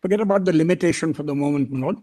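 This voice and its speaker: A man with an Indian English accent, a senior advocate making a deliberate, deferential legal argument before a court bench. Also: fairly high pitch, mellow. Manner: deliberate, deferential, repeats "my lord" often.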